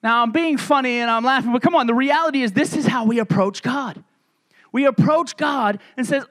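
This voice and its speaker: A man's voice: extremely high pitch, moderate pace, fairly bright tone. A middle-aged male pastor preaching a sermon in a conversational, joking manner with frequent asides.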